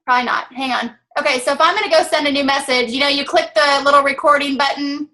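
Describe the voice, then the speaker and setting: A woman's voice: high-pitched, fairly even intonation, quick pace, pushed and bright. A woman with a Southern US accent, co-hosting a casual chat and explaining things step by step in an upbeat, coaching way. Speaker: co-host.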